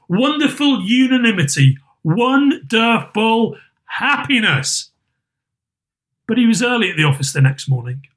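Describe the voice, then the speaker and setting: A man narrating a classic story aloud with a lively, theatrical delivery. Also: sits high. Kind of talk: expressive storybook reading.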